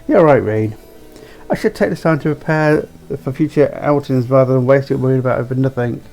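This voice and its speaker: A man's voice: mid-range voice, normal speed, darkish tone, faint music behind, lightly acted, poor audio. A man voicing a reserved, formal young nobleman who speaks stiffly. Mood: reflective.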